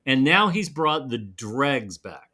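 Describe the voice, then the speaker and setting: A man's voice: mid-range voice, takes it slowly, soft background music. A man co-hosting a casual live chat show, telling a long anecdote and acting out the people in it. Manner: animated storyteller acting out quoted voices. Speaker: podcast co-host.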